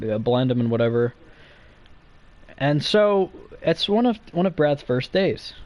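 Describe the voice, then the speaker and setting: A man's voice: mid-range voice, a little mellow. A young man streaming, telling stories in a rambling, profane way full of fillers. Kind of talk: casual live-stream chat. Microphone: streaming mic.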